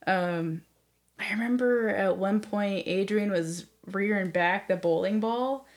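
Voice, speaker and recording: A young woman hosting a casual podcast, telling a story in a lively, animated way, laughing often and acting out the quotes. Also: mid-range voice, slow. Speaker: podcast host.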